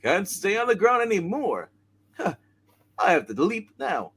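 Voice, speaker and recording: A man's voice: high voice, very animated, measured pace, a bit bright, breathy edge, heavily acted. A man voicing a swaggering, agile male hero with a put-on Irish accent in a comic book read-aloud, joking and breaking character with asides. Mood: playful.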